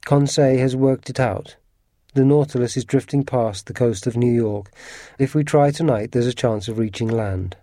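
A restless harpooner, read by a man in a storybook, urgent and plotting. The voice is mellow and the sound dry. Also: mid-range voice, normal speed, dry recording, natural voice. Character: restless, scheming male harpooner. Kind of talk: storybook reading.

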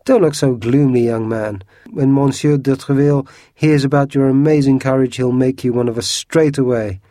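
A big-hearted, boastful musketeer who booms out his brags slowly and loudly, as a man reads him aloud. The voice is dark and mellow, recorded close and dry like an audiobook. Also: steady tone, no echo, natural voice. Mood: boisterous. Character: boastful burly male musketeer, booming.

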